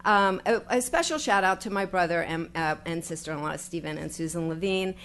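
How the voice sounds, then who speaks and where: An older woman giving a heartfelt, halting acceptance speech at a podium before an audience, thanking family and volunteers. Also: lowish voice, fairly bright tone. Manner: heartfelt, halting, grateful, with fillers and restarts. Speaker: newly elected official giving acceptance speech. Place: public meeting hall with audience.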